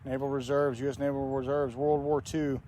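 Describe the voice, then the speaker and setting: Man, reverent casual talk, mid pitch, outdoors on a camera mic. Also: level tone, normal speed. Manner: soft-spoken, reverent, reads names aloud. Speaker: paranormal investigator host. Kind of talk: casual walking vlog narration. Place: outdoor cemetery. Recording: faint outdoor noise.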